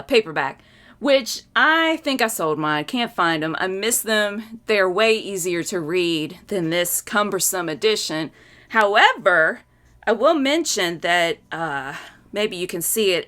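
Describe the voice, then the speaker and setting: A woman's voice: lowish voice, a bit bright. A woman in her forties giving a casual, chatty book review, openly emotional about what she reads.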